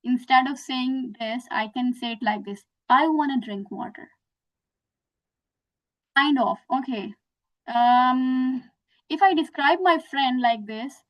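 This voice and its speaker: A woman's voice: sits high, rough recording. A young woman teaching an online lesson, explaining patiently with many examples. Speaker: English teacher.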